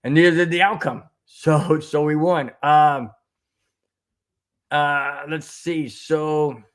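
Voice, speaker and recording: A man's voice: on the high side, steady tone, takes it slowly, clean tone. A man hosting a sports podcast, reading viewer comments and ranting sarcastically about the referees. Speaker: podcast host. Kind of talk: casual sports talk, reading chat comments.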